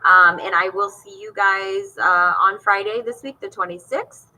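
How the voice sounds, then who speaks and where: A woman music teacher with a bright, clear tone talks young students through an online assignment. She is patient and explains each step in turn. She sounds like she is recording at her computer. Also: medium pitch, a little slow, slight background noise, low-quality recording.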